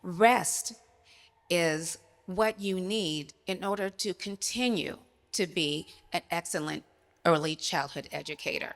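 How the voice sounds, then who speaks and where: A woman's voice: fairly low pitch, takes it slowly. A woman co-hosting a podcast for child care providers, speaking emphatically with a light joking touch. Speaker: podcast co-host. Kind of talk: casual podcast conversation.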